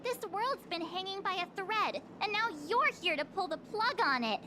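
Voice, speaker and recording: A woman's voice: very high voice, sing-song, normal speed, background noise. An actress playing a bubbly, sassy young girl companion in a video game.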